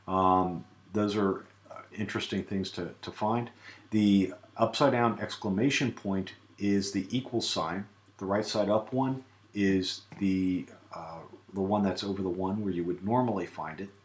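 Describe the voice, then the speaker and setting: A man giving a relaxed screen-recorded software tutorial, with many filler sounds. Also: fairly low pitch, reverberant. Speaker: tutorial presenter.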